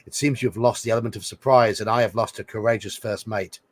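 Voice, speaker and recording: Grave ship captain, tall and red-bearded, read by a man. Slightly husky tone, measured storybook delivery. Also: on the low side, steady tone, natural voice.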